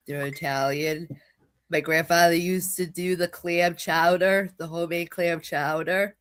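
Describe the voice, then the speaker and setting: A woman from New England with a New England accent, chatting as a lively and blunt co-host on a talk show. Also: on the low side, unhurried, clean tone. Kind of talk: casual talk show chat.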